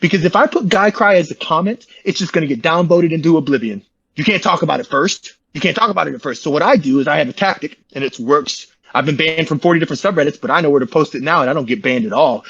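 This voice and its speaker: A man's voice: on the high side, lively intonation, fairly bright tone, breathy edge, muffled recording. A man, an interview guest, telling a long rambling story in slangy, repetitive casual talk over a call. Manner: fast, repetitive, slangy, says "bro" often.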